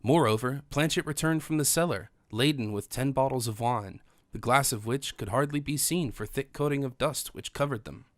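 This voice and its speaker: In this scripted narration, a male audiobook reader delivers a classic adventure novel at an even, measured pace, his pitch sitting in the middle range. The sound is close and dry, free of echo and any room ambience.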